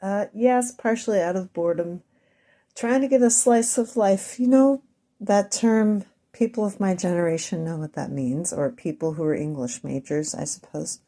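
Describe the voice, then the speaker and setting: Midwestern lady rambling to her viewers, talks slow on purpose, kinda mellow dark voice. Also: on the low side. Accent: Midwestern American. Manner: deliberate, speaks slowly on purpose; wandering, self-interrupting asides. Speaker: vlogger. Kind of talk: rambling monologue to camera.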